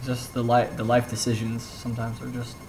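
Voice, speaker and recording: A woman's voice: extremely low pitch, monotone, fairly quick, darkish tone, slight background noise, rough recording. Playful teasing young woman vlogger. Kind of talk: casual chat.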